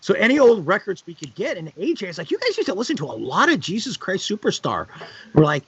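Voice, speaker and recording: A middle-aged man chats on a live stream, his husky, bright voice jumping all over the place as he tells stories. He breaks into loud, squeaky quoted lines along the way. The audio is dull and lo-fi. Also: a little fast, no echo. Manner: animated anecdotes with loud high-pitched acted quotes. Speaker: guest on a charity live stream. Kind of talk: casual chat, storytelling.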